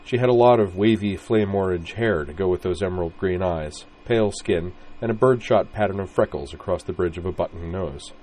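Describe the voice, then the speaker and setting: Deep-voiced man reading his story. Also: a little fast, hardly any pauses, a little mellow. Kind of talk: storybook narration.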